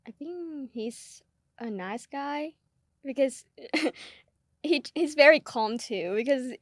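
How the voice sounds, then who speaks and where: Hesitant, higher-voiced woman co-host. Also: animated, slow pace, no echo, studio quality. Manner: hesitant, searching for words, laughs often. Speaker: podcast co-host. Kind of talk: casual film discussion.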